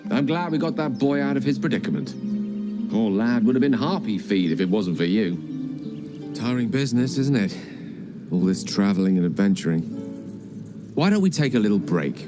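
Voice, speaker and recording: A man's voice: fairly low pitch, lightly acted. A man voicing a charming, self-assured male wizard in a video game, speaking with a witty, theatrical manner. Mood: earnest. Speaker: game character. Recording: game audio with music underneath. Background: game music.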